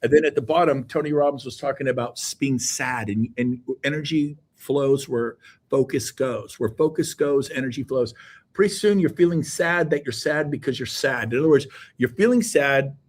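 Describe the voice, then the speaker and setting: On an interview show, a middle-aged male guest gives a motivational talk that's energetic and emphatic, repeating his exhortations again and again. His pitch is medium and his pace moderate.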